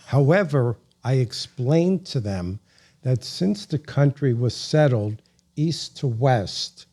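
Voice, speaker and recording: A man's voice: medium pitch, expressive, slow pace, mellow. A man from the Bronx with a New York accent, a guest telling leisurely stories with wry humor in a casual interview.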